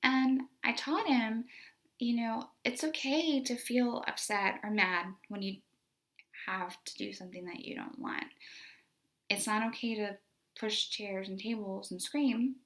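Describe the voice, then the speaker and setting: A woman's voice: a little high, a little slow, a bit bright. A young woman, a special education teacher, telling a story from her classroom in a casual, conversational way, full of "like" and "you know".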